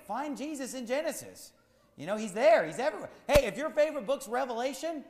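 Male pastor, lively swooping preaching voice, big hall sound. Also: very high-pitched, brisk. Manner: preaching with rising shouts and emphatic repetition. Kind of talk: sermon.

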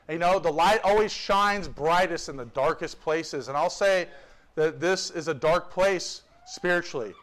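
A man's voice: fairly high pitch, a bit bright. A man preaching a sermon with fervor, reading scripture and adding joking asides. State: tired. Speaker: visiting pastor.

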